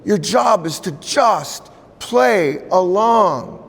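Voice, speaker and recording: Guy doing a wise old elder, high wobbly voice, super slow and drawn out, big hall echo. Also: animated, a bit bright, exaggerated voice. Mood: gently teaching. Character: gentle wise old male tribal elder. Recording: long reverb in a large hall.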